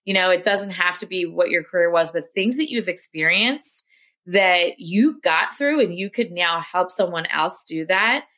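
Bright-voiced woman coaching with encouragement. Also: lowish voice, animated, normal speed. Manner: earnest and encouraging, motivational. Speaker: health coach guest. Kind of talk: casual podcast conversation.

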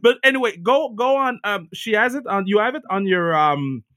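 A man's voice: high-pitched, expressive, moderate pace, bright, forceful tone. A man hosting a casual podcast interview, loose and joking, cursing now and then. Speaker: podcast host. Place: Montreal.

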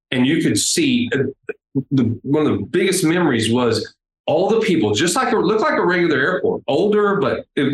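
A man, a guest on an interview, telling a travel story in a casual, animated way. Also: medium pitch. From United States. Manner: animated, acts out the people in his story. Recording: roomy with faint background noise.

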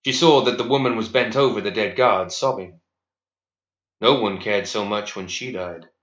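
A man reading a dark story aloud in a measured, even storytelling voice. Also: lowish voice. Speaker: narrator. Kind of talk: scripted audiobook narration. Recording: echoey, slightly dull recording.

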